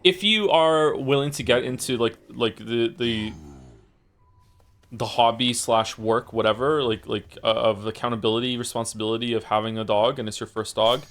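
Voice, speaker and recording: A man's voice: mid-range voice, steady tone, moderate pace, a bit bright. Blunt, rambling male streamer. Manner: rambling, with many fillers and restarts; profane and blunt. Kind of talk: casual chat with viewers.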